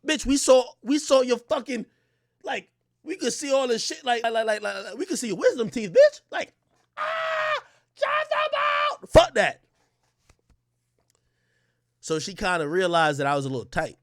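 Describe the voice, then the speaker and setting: Male streamer, high bright voice, swings wild, dry close sound, profane storyteller. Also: normal speed, long pauses, dry recording. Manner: profane, animated, shouts at peaks. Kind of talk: casual storytelling rant.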